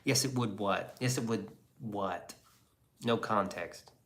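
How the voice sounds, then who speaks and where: A man's voice: lowish voice, slow pace, fairly bright tone. A man casually reading viewer comments on a live stream, sarcastic and crude, slipping into whispers and mock voices.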